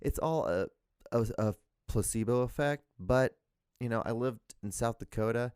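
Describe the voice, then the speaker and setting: A man's voice: mid-range voice, moderate pace, darkish tone, clean tone, no room sound, studio quality. A man hosting a solo podcast, rambling casually and profanely, drifting between tangents and laughing at himself. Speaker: podcast host.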